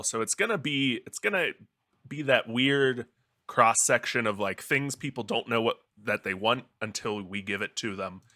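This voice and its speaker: A man joking around as a podcast panelist, playful while pitching ideas in casual chat. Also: pushed and bright.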